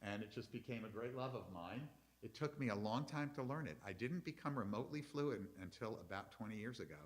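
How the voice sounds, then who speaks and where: A man's voice: medium pitch, lively intonation, fairly quick. A middle-aged man, a rabbi, giving a chatty, explanatory lecture to his congregation and taking questions from the audience.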